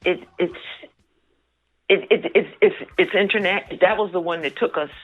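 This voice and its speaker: Woman, earnest, fairly low voice, dull lo-fi radio line, faint music behind. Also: moderate pace. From New York. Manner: earnest, warm-hearted, speaks of faith. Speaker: singer, interview guest. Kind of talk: phone-in radio interview.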